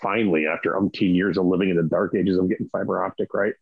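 Middle-aged host, low husky voice, loose rambling talker; dull dry recording. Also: male voice, steady tone, fast talker, dry recording. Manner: rambling, frequent "right?" and restarts. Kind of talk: casual chat about rifle optics.

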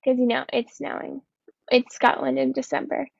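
A woman casually recapping a book, swearing and acting out the characters in quick mock dialogue. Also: high voice, flat delivery, gravelly, a little mellow, no room sound, muffled recording.

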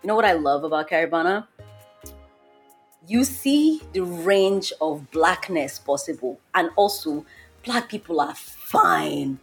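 A husky-voiced woman hosting a podcast, who tells stories casually and with lots of energy. She laughs often and throws her voice into the people she quotes. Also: lowish voice, measured pace, soft background music. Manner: animated, laughing, acting out quotes. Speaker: podcast host. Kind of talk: casual storytelling.

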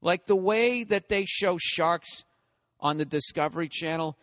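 A man's voice: a little high, unhurried, fairly bright tone, in a large hall. Profane rambling male comic. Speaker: podcast host and comedian. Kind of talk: solo comedic podcast monologue.

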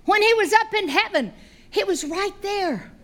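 A middle-aged woman preaches in a high, bright voice. She tells the story with animated, humorous energy, swinging between loud emphasis and hushed asides. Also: normal speed. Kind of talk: sermon.

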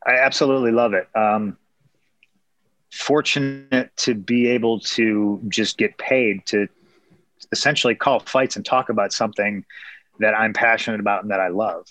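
A man from Chicago talks in a lowish voice, reflecting on his fighting days in earnest, rambling interview answers full of restarts. The sound is dry and close, with no room around it. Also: fairly even intonation, normal speed, a bit bright, no room sound, low-quality recording. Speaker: former fighter and MMA broadcaster.

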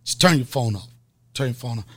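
A man's voice: medium pitch, expressive, fairly quick, a bit bright, voice pushed down. A man imitating a stern female flight attendant who keeps giving a passenger insistent, repeated orders.

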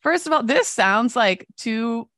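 A woman co-hosting a casual talk show, telling stories and reading news with lively voiced quotes. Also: on the high side, slow, no echo, clean studio sound. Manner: animated storytelling with voiced quotes. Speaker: co-host.

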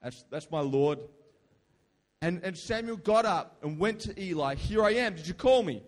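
High-voiced young pastor in a hall. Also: male voice, moderate pace. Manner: casual storytelling, energetic crowd prompts. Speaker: youth pastor. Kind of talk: lively youth sermon. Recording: long hall reverb.

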